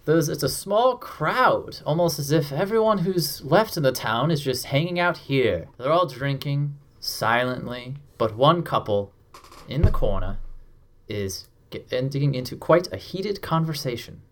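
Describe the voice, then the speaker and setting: A man narrating a tabletop game as game master, describing scenes in a measured, descriptive way. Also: on the high side, expressive. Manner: descriptive, slows down for atmosphere.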